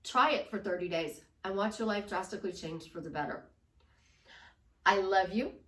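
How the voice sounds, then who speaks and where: A woman's voice: medium pitch, moderate pace, a bit bright, roomy sound, recorded from a distance. A woman life coach giving an upbeat, emphatic motivational talk. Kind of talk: motivational vlog monologue.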